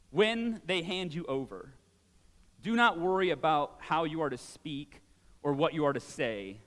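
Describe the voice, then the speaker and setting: A male pastor with a high voice delivers a sermon in a reverberant church sanctuary. His preaching is conversational and animated, sprinkled with asides.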